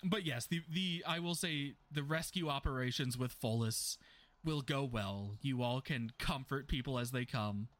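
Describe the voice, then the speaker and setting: A man's voice: medium pitch, moderate pace, fairly bright tone. A man running a tabletop game as game master, narrating in a casual, wry way with many restarts.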